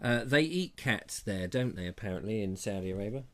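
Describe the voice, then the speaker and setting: A man's voice: lowish voice, animated, fairly quick, fairly bright tone. A British man hosting a live online show, casually reading viewer comments aloud with playful jokes and asides. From Britain. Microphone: lapel mic.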